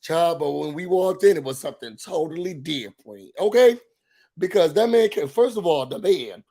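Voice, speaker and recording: A man hosting a casual reality TV recap, gossipy and animated, talking straight to his viewers. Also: on the high side, moderate pace. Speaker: reality show recap host.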